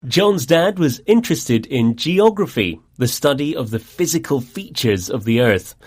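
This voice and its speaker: A man presenting an English lesson in a scripted dialogue, speaking in a clear, friendly and deliberate way. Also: mid-range voice, expressive, a little mellow.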